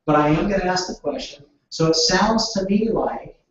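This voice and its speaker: A man's voice: sits high, moderate pace. A man training real estate agents in negotiation, asking the room questions and waiting for answers. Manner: asks the room questions, then waits. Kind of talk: training session talk. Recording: echoey room, distant dull mic.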